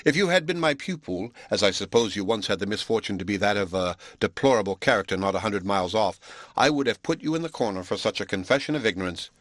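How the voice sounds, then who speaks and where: A man's voice: fairly low pitch, expressive, quick pace, a bit bright, dry recording, studio quality. A man doing a sneering scornful Englishman. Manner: scornful, lecturing.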